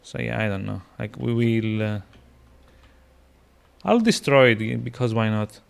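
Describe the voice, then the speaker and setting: Slow gravelly man streaming a game. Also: medium pitch. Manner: rambling, full of fillers and restarts. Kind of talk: casual gameplay commentary.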